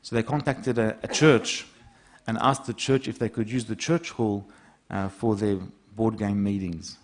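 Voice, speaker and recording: A man's voice: lowish voice, steady tone, unhurried. A man, a priest, preaching a sermon in a conversational storytelling way, acting out the lines of the people in his stories. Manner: conversational storytelling, acts out quoted dialogue.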